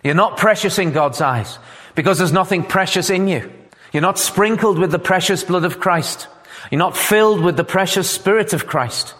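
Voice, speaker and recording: Male preacher, fairly high voice, earnest sermon delivery with fervent peaks, long hall reverb. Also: normal speed, a bit bright.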